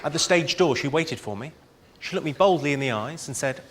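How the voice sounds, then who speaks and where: A man performing a stand-up comedy set in deadpan one-liners, with clipped delivery. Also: mid-range voice, fairly quick. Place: large venue with live audience. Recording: live show with loud crowd laughter and noise.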